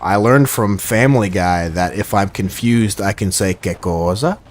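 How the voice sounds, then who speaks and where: A man's voice: lowish voice, normal speed, a little hiss or hum. A man streaming a shooter game live, chatting casually in a rambling, playful way and reading viewer messages aloud. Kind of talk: casual live gameplay chat.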